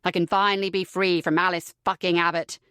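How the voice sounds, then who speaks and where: A woman's voice: fairly low pitch, flat delivery, brisk, fairly bright tone, clear, resonant tone, no echo, studio quality, pitched below the performer's own voice, close to an everyday voice. A woman reading an audiobook, voicing a cruel, foul-mouthed young man who taunts his captive with contempt. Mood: sneering. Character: cruel sneering young man, villainous captor.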